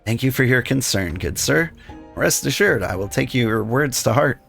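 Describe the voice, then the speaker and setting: A man's voice: mid-range voice, expressive, moderate pace, creaky, a bit bright, faint music behind. A man voicing a young woman who claims to be a simple milkmaid, speaking primly and politely. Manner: prim, polite and old-fashioned. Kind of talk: reading game dialogue aloud.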